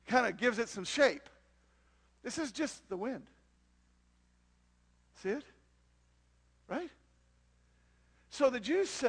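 A man's voice: extremely high pitch, fairly bright tone. A man preaching a sermon to a congregation, often asking them rhetorical questions. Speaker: pastor.

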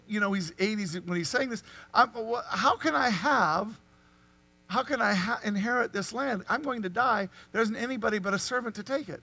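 A man preaching a sermon, animated and full of rhetorical questions to the congregation. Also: high-pitched, moderate pace. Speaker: pastor.

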